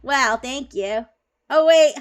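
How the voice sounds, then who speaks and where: A woman's voice: high voice, slow, clean tone. A woman streamer chatting casually on a live stream, bubbly and giggly as she talks with viewers and a chatbot.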